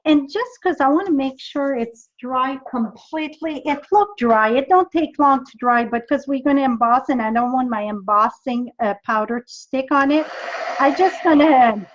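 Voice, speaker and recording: French canadian lady doing a card making livestream, high voice, kinda muffled lo-fi sound. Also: moderate pace. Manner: chatty, talks to viewers while working, thinks aloud. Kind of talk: live-streamed crafting demo.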